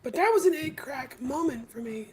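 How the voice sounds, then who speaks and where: High-voiced woman telling her story. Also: expressive, darkish tone, a little hiss or hum, low-quality recording. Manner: candid, confessional, halting. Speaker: podcast host. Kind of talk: personal storytelling on a live stream.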